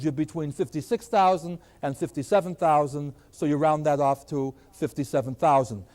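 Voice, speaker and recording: A man's voice: fairly high pitch, darkish tone. An older man teaching arithmetic at a board, asking questions and answering them himself. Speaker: math teacher. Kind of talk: recorded classroom lecture. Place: lecture room at a board. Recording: long hall reverb.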